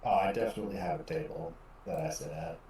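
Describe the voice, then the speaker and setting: A man's voice: deep voice, fast, warm tone, very echoey, a little hiss or hum, poor audio. A man playing a tabletop game, describing his character in an easygoing, hesitant way. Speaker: player. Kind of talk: casual chat.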